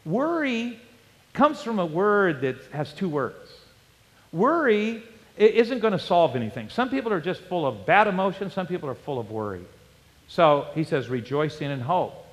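A male pastor preaching a sermon, animated and storytelling, with rhetorical questions to the congregation. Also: high voice, moderate pace. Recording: long hall reverb.

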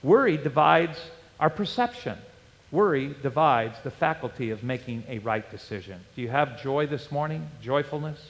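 A male pastor preaching a sermon, animated and storytelling, with rhetorical questions to the congregation. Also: medium pitch, moderate pace. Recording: long hall reverb.

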